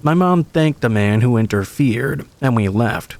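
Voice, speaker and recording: A man's voice: medium pitch, animated, measured pace, darkish tone. A man hosting a channel, reading true scary stories aloud in a casual, friendly delivery. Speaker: host and story narrator.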